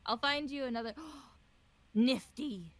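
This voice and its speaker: A woman's voice: on the high side, a bit bright, no room sound. A young woman hosting a casual podcast chat over a voice call, upbeat and giggly. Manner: upbeat, giggly, quick asides.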